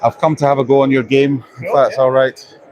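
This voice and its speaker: A man hosts a casual live walkaround at a busy indoor trade show, chatty and self-deprecating as he thinks aloud. His mid-range voice is fairly even and a little fast, set against noisy exhibition hall ambience with crowd chatter.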